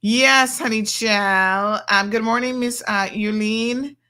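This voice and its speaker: A woman's voice: a little high, fairly even intonation, slow, sharp tone. A woman hosting a radio show from the studio, chatting casually and reading out listener messages.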